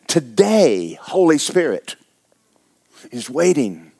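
A man's voice: a little high, very animated, unhurried. A male pastor, preaching a sermon in a folksy, humorous way.

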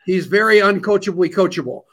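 A man's voice: high voice, brisk, fairly bright tone. A man hosting a radio talk show, gushing and joking with his guest.

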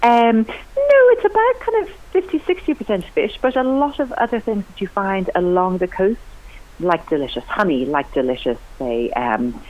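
A woman's voice: medium pitch, moderate pace. An enthusiastic woman talks about cooking as a guest on a radio show. Her voice jumps up for emphasis as she chats. The sound is dull and lo-fi, like an old broadcast. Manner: chatty, enthusiastic, lively rising emphasis. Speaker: cookery writer and TV cook, guest. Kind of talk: radio interview chat.

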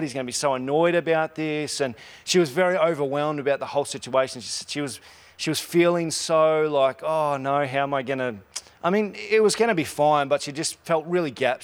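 A pastor with a medium-pitched voice delivers a conversational sermon, telling stories in a relaxed way. He restarts often and slows down to stress the key lines.

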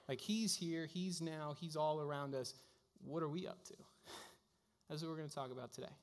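A male pastor preaches a sermon in a casual, storytelling way, full of little fillers. His voice sits a bit high for a man. It rings out with a long reverb, as in a church sanctuary. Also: normal speed.

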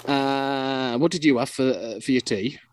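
A man's voice: unhurried, a little hiss or hum, rough recording. A man co-hosting a casual podcast, talking in a rambling, chatty way with frequent restarts. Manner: rambling, chatty, lively pitch, laughs often. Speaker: podcast host. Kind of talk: casual chat.

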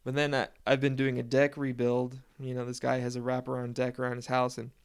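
A man's voice: medium pitch, completely flat delivery, brisk, clear, resonant tone. A man telling a long, rambling story in a casual monologue, swearing freely and laughing at himself. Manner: rambling, profane, self-deprecating storytelling with laughs.

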